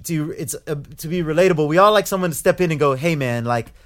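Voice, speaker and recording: Man, young adult, interview guest, animated storytelling, slightly higher pitch. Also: fast talker. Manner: animated, rising to loud when reenacting anger.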